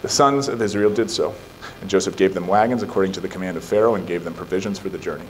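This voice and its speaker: A male pastor preaching a sermon, building emphatic rhetorical questions and then reading scripture aloud at a steady pace. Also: low voice, fast talker, a little hiss or hum, poor audio. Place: church sanctuary.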